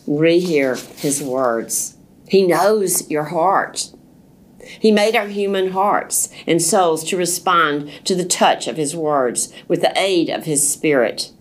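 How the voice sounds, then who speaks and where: A woman reads a devotional text in a lowish voice. Her delivery is slow, earnest and deliberate, with the odd stumble she corrects as she goes. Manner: slow, deliberate, earnest reading with occasional slips and restarts. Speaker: devotional reader. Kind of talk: devotional reading.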